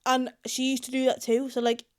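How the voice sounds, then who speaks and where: A woman's voice: high voice, completely flat delivery, brisk. A young British woman reacting to online confessions in casual, blunt commentary, swearing freely. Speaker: YouTuber.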